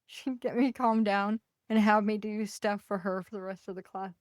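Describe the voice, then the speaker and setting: A woman hosting a podcast, telling stories in a lively, animated way and acting out the voices of the people in them. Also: mid-range voice, moderate pace, dry recording, studio quality. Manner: animated, acts out quoted voices. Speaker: podcast host. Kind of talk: casual storytelling.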